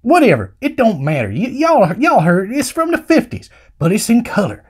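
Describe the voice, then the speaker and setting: A man's voice: high-pitched, huge pitch swings, moderate pace, a little mellow, husky. A man giving a casual movie review in rambling, slangy, joking talk. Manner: rambling, slangy, jokey vernacular.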